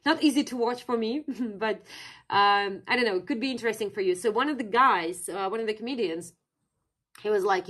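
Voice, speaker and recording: A woman's voice: medium pitch, a little fast, a bit bright. A young woman from Russia with a Russian accent, teaching her native language in a chatty live-stream lesson and answering viewers in the chat.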